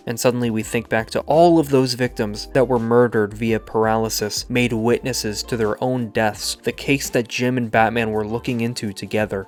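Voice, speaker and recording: A man narrating a comic book recap in a steady storytelling way. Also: medium pitch, moderate pace, hardly any pauses. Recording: faint background music.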